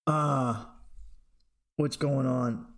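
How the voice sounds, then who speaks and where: A man's voice: mid-range voice, steady tone, drawn-out words. A man hosting a comedy podcast, riffing through a profane monologue and laughing at his own jokes.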